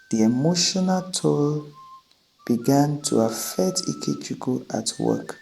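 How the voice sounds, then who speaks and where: A woman narrating a folk tale as a storyteller, in a dramatic, deliberate manner. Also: extremely low pitch, gravelly, a little mellow, rough recording.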